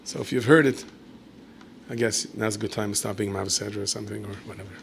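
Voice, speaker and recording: A man's voice: fairly low pitch, steady tone, fast talker, creaky, slight background noise. A man, a rabbi, telling a story in a lecture with playful asides and acted dialogue.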